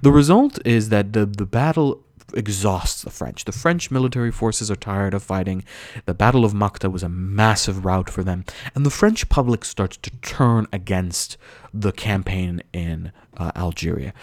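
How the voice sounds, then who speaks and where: American male lecturer, low-pitched, earnest explainer, dry mic. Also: animated, normal speed, a little mellow, no echo. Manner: earnest, explanatory, occasional restarts and fillers. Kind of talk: history lecture.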